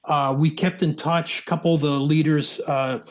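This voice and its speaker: A man, a podcast guest, telling hiking stories in an animated, chatty way and often laughing. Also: fairly high pitch, normal speed. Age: older. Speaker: podcast guest, thru-hiker. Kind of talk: casual storytelling interview.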